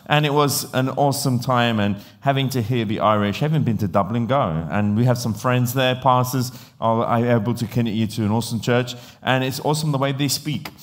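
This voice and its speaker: A man's voice: medium pitch, fairly quick, few pauses. A male pastor from Italy with an English accent, preaching a sermon in a chatty storytelling manner. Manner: chatty, animated storytelling with frequent fillers. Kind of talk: sermon with podcast intro.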